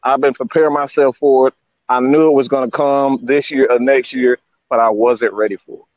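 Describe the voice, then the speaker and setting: A man co-hosting a fan sports show from home, hoarse after losing his voice, stammering and distraught. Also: fairly even intonation, a little fast, no echo, muffled recording. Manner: distraught, stammering, high-pitched outbursts. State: hoarse, lost voice. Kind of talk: emotional live sports fan chat. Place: at home, hot house.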